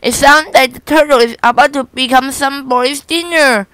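A woman's voice: sits high, normal speed, fairly bright tone, no room sound, pitched above the performer's own voice. A woman reading the part of a dramatic young schoolboy who exclaims his lines.

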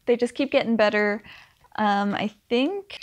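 A young woman chatting casually about a book she is reading, with lots of "like" and quick acted-out asides. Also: medium pitch. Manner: chatty, full of "like", acts out characters in quick asides. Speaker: book vlogger. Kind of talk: casual rambling book review. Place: indoors at home.

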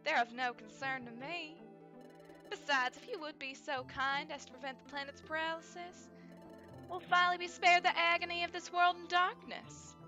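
A woman's voice: high voice, steady tone, normal speed, pushed and bright, lo-fi sound, faint music behind, voice pushed up. Celebi, a woman putting on a prissy Southern fairy. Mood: reassuring. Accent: put-on Southern US drawl. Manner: prim, fussy, giggly. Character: tiny prissy female time-travel fairy, easily offended.

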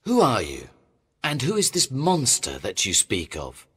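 An actor playing a calm, careful ship captain in an audio drama, asking measured questions. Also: male voice, mid-range voice, breathy edge, no echo, heavily acted. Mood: steady. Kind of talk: radio drama acting.

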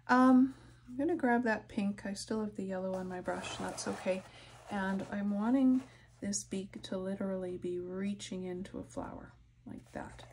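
A soft-spoken woman narrating a painting tutorial, her voice dropping to whispers as she concentrates. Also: medium pitch, slight background noise. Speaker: art instructor.

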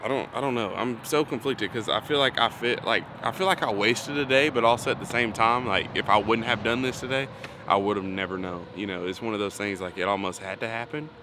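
A man's voice: fairly low pitch, brisk. A young man, talking casually to camera as a fishing vlogger, rambling and thinking aloud with lots of fillers. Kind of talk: casual vlog talk to camera. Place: outdoors on a lake. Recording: noisy outdoor recording with passing vehicles.

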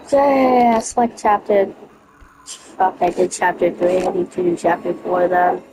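Slow-talking swearing woman gamer. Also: lowish voice, steady tone, background noise. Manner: profane, joking, talks to herself. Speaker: gamer streaming a horror game. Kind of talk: casual let's-play commentary.

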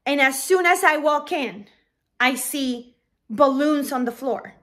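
A woman's voice: high-pitched, takes it slowly, fairly bright tone. A young woman who runs a balloon decorating business, telling a casual storytime straight to her viewers in a chatty way.

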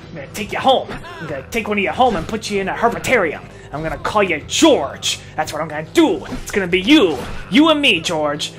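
Man, let's-play commentary, excitable, profane, laughing, very animated pitch. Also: moderate pace, faint music behind. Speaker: gaming video host.

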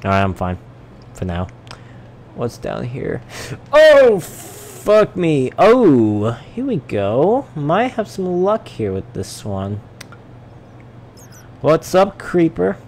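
Man, streamer, excitable, swearing, slow drawn-out talk, faint hiss. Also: medium pitch. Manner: excitable, swearing, yelps and laughs at the game. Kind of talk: live gameplay commentary.

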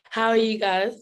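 A woman interviewer with a hoarse, fading voice, asking long rambling questions over a video call with a giggly manner. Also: lowish voice. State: hoarse, losing her voice.

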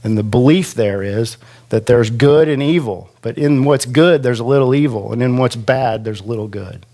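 A man preaching a sermon as pastor in a church classroom, chatty and self-deprecating, slowing down to stretch out quoted scripture for emphasis. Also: medium pitch, warm tone. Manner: slow, conversational preaching with self-deprecating asides.

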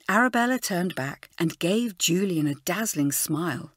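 A woman narrating a children's storybook in an expressive, animated way. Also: lowish voice, moderate pace, few pauses, no room sound, clean studio sound. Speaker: audiobook narrator.

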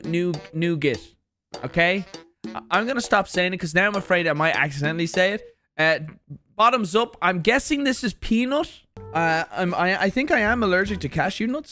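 A man's voice: fairly high pitch, a bit bright. Rambling Irish man reviewing snacks. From Ireland. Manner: rambling, jokey, mock-defensive outbursts. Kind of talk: casual snack review vlog.

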